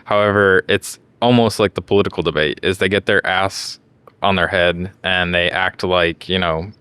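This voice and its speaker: A young man with a low, smooth voice trades casual, profane stories as a podcast co-host. His delivery is animated, and the sound is close and dry. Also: moderate pace, no room sound. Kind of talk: casual banter.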